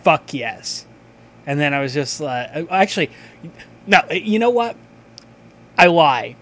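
A man hosting a podcast, chatting casually and reading sponsor spots in a loose, profane, excitable way. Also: a little high, measured pace. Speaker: podcast host.

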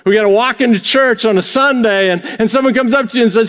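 A pastor with a high, fairly bright voice preaches from the pulpit in a church sanctuary, hammering his message home with rhetorical questions. He talks fast, and his words echo with a long reverb through the hall.

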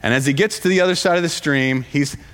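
A man telling a parable in casual storytelling, halting with frequent fillers and restarts. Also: a little high, fairly bright tone. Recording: long hall reverb.

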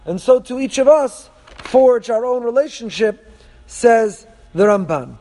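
A man's voice: extremely high pitch, expressive, unhurried, warm tone. A man teaching from source texts in a study lecture. He reads passages aloud, translates them, and drives each point home with rhetorical questions. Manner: emphatic, poses rhetorical questions. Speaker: Torah teacher. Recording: long hall reverb.

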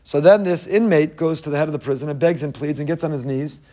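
A man's voice: a little high, fast talker, dark tone. A man, a rabbi, teaching a Torah class full of parables, asking rhetorical questions and mixing in Hebrew quotes.

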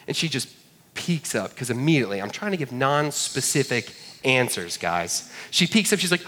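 A man's voice: mid-range voice, big pitch swings, fairly quick, a bit bright. A man, preaching a sermon and telling a funny story with jokey asides to the audience. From Georgia, USA. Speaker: pastor. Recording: long hall reverb.

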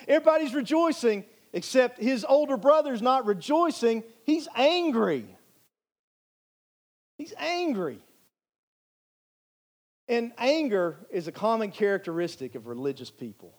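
A high-voiced male pastor delivers a sermon. He speaks earnestly and emphatically and drives his points home by repeating phrases. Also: sing-song, moderate pace.

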